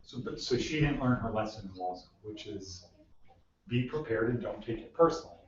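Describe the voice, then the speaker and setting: A man's voice: lowish voice, expressive, brisk, slight background noise. A man teaching a job skills class, bluntly drilling his students with the same questions over and over. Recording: echoey room mic from far off, muffled.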